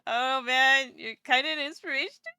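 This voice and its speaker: A woman streaming live and chatting with her viewers, with a high, bright and sharp voice. She teases, jokes at her own expense and swears freely, in a dry, close sound. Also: moderate pace, smooth, no room sound. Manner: playful, self-deprecating, teasing, swears freely. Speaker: livestreamer reading chat. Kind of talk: casual live-stream chat.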